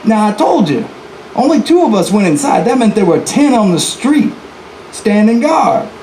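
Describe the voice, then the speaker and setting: At an indoor presentation, a man portrays a boastful outlaw bank robber, spinning a folksy first-person tale and chatting directly to listeners. He speaks at normal speed in a high, darkish voice with big pitch swings, and the poor recording sounds roomy with slight background noise.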